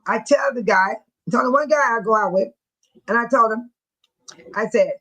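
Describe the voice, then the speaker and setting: An older woman in her sixties, chatting casually with her viewers as a stream host. Her voice sits a little on the high side, and she talks bluntly and tells stories, often breaking into laughter. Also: moderate pace, long pauses, fairly bright tone, low-quality recording. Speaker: livestream host speaking to viewers. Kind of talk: casual chat.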